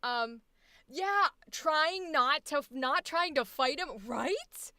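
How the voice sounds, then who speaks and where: Gushing high-voiced woman instructor. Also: lively intonation, takes it slowly, sharp tone. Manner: effusive, gushing, chatty with y'all. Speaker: voice acting workshop instructor. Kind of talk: enthusiastic showcase commentary on a livestream.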